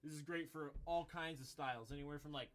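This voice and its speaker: A man giving a casual drum lesson, explaining in a relaxed way with some self-corrections. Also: a little high, quick pace. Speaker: drum teacher. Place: music school room. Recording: voice between loud drum playing. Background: drum kit playing.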